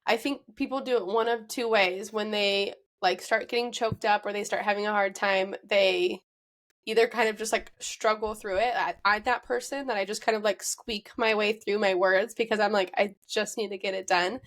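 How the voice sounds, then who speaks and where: A woman's voice: mid-range voice, steady tone, moderate pace, a bit bright. Brief: young female co-host, casual, supportive, chiming in with agreement. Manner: supportive, fills in with short agreements. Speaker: podcast co-host. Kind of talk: casual chat.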